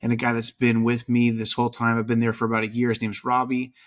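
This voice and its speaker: A man hosting a podcast, talking in a relaxed, rambling way with lots of fillers. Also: medium pitch, fast talker. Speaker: podcast host. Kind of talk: casual chat.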